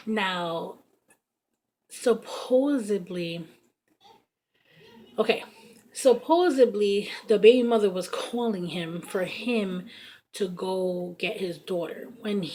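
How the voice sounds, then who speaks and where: Blunt, profane woman in her thirties. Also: mid-range voice. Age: 30s. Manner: blunt, profane, animated retelling full of fillers. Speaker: vlogger telling a personal story. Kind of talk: casual storytime.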